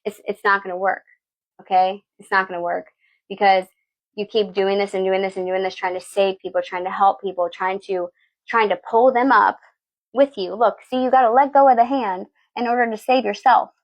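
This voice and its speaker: A woman's voice: mid-range voice, fairly even intonation, normal speed. A woman giving a tarot reading, blunt and preachy, swearing freely and asking "okay?" again and again. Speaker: tarot reader. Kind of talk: live tarot reading talk.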